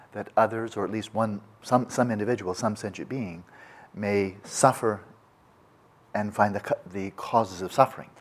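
A man's voice: lowish voice, breathy edge. A man teaching meditation in a reflective talk. He speaks thoughtfully and often restarts his sentences. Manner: acts out quoted voices.

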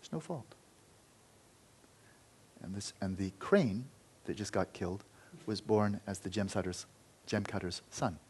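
A male Buddhist teacher tells a story during a dharma talk. His voice is low and breathy. He speaks earnestly, with restarts, and often drops to a hush. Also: steady tone, normal speed, few pauses. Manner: earnest, loose storytelling with restarts and quiet stretches.

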